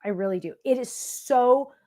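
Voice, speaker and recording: A woman's voice: a little high, normal speed, mellow. A middle-aged woman hosting a craft show, chatting casually in a bubbly, gushing way. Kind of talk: casual livestream chat.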